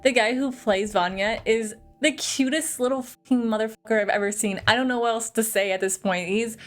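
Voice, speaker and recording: A woman's voice: fairly high pitch, steady tone, fairly quick, faint music behind. A young woman casually recapping a film, chatty and full of fillers, swearing freely. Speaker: movie reviewer.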